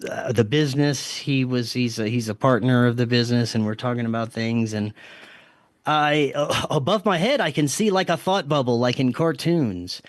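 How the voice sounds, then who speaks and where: A man's voice: mid-range voice, normal speed, dry recording. Earnest man telling a wild story, dry. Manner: earnest, animated retelling with restarts and quoted self-talk. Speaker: podcast guest. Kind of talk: storytelling in casual interview.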